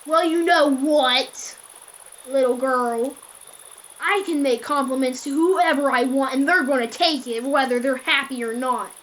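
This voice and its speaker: Woman doing a loud, bullying creepy caller. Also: on the high side, rough recording. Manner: loud, slow, bullying demands. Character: menacing male prank caller, pushy and threatening.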